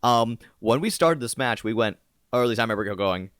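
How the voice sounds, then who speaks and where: A man co-hosting a podcast, chatting casually with jokey, rambling asides and theatrical pauses. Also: mid-range voice, animated, fairly bright tone, clear, resonant tone, no echo, studio quality. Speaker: podcast co-host.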